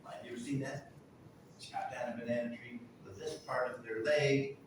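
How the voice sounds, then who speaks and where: A man's voice: mid-range voice, fairly even intonation, moderate pace. A man teaching an English lesson, patient and quizzing his students. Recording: echoey room, far from the mic, noisy.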